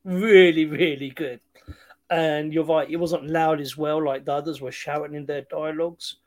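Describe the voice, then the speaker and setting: A man co-hosting a casual film review podcast, easygoing and quick to laugh. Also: a little high, fairly even intonation. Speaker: podcast co-host.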